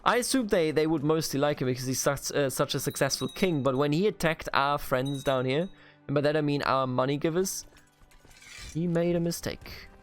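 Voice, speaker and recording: A man's voice: on the high side, moderate pace, faint music behind. A man from Bavaria in Germany commentating a strategy game let's play, playful and mock-grandiose as he talks to the characters on screen. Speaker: gaming video host.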